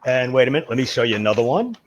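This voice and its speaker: A man's voice: mid-range voice, big pitch swings. Man, casual comic artist, mid-range voice, laid-back talk on a call. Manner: easygoing, quick to laugh. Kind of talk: casual video call chat. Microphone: video call.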